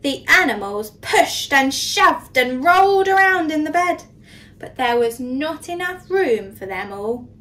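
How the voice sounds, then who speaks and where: Expressive nursery teacher, high swooping voice, unhurried storytime pace; distant mic with faint hiss. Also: female voice. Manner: expressive, questioning the children. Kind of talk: storybook read-aloud for young children.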